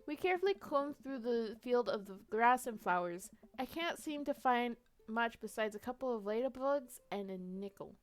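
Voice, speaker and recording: A young woman streaming a detective role-play game, narrating her moves playfully and laughing easily over faint music. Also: a little high. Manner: playful, quick to laugh, reads out story text.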